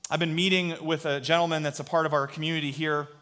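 A man preaching to a congregation, spinning a childhood story with animated energy. His voice sits a bit high for a man. It carries a long reverb, as if in a large hall. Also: quick pace, clean tone. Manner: animated storyteller, drops to a hush for quoted voices. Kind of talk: sermon storytelling.

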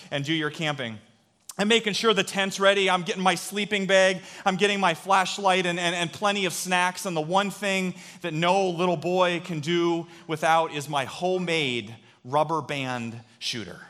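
A man telling a childhood story as part of a sermon, animated, dropping to a hush for quoted voices. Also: sits high. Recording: long hall reverb.

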